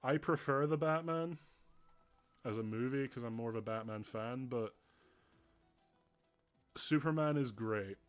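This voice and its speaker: A man's voice: medium pitch, unhurried, pauses often, smooth, faint music behind. A man chatting earnestly on a stream, rambling with frequent restarts.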